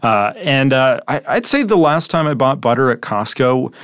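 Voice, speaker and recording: A man's voice: medium pitch, moderate pace, smooth, dry recording. Male co-host, casual explainer, fillers, dry booth sound. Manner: relaxed, explains words with frequent fillers. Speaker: English teacher co-host. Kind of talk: casual explanatory lesson chat. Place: studio in Taipei.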